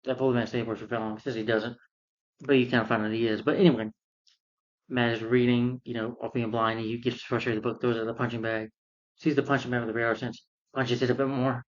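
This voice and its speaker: A man's voice: medium pitch, level tone, fast talker. Rambling man with a dull lo-fi sound. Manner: rambling, many fillers and restarts. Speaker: film reviewer. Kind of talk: casual retelling of a film plot.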